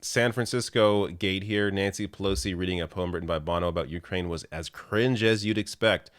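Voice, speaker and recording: Low-voiced sarcastic male commentator. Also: fairly quick, no echo. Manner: exasperated, sarcastic, laughing now and then. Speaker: political commentary host. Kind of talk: opinionated political commentary.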